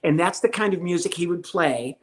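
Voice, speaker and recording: A man in his sixties, a comedian guest telling a lively story and acting out the voices of the people in it. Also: high voice, fairly quick. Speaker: podcast guest, comedian and ventriloquist. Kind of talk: storytelling interview.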